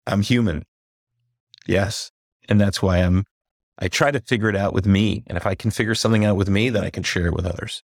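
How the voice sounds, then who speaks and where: A deep-voiced man with a gravelly, creaky edge talks as a guest on a podcast, open and reflective. The sound is close and dry, with no room around it. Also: no room sound. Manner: reflective, candid, slows to stress points and gets animated when recounting. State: briefly emotional. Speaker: executive coach, guest. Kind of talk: podcast interview.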